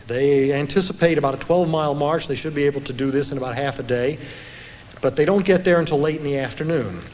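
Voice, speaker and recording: A man lectures on history in a steady, explanatory voice, now and then reading passages from his own book. His voice sits a little higher than most men's. A faint background noise runs under the talk. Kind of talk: lecture-style historical storytelling.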